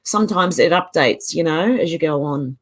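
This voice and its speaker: A woman's voice: deep voice, normal speed. A woman with an Australian accent hosting a casual livestream, chatting and laughing as she reads viewer comments aloud. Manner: chatty, laughs often, Aussie slang. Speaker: livestream host.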